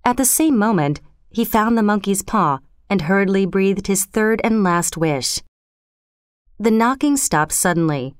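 A woman reading a story aloud in a measured, steady narration style. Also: medium pitch, smooth, dry recording, studio quality. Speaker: audiobook narrator. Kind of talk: scripted narration.

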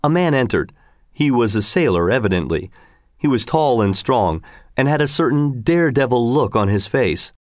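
A man narrating a story aloud in a steady, measured reading manner. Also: mid-range voice, dry recording, studio quality. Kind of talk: scripted audiobook narration.

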